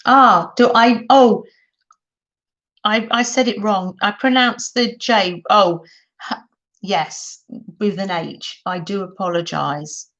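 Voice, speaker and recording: Slow-talking chatty older woman. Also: mid-range voice, fairly bright tone. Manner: gushing, chatty, talks to viewers in the chat. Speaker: crafting livestream host. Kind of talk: casual livestream chat. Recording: dull lo-fi sound.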